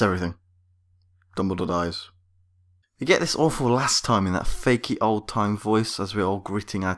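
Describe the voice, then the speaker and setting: A man's voice: lowish voice, a bit bright. A man giving scripted critique commentary on a cartoon episode, sarcastic and exasperated. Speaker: video reviewer.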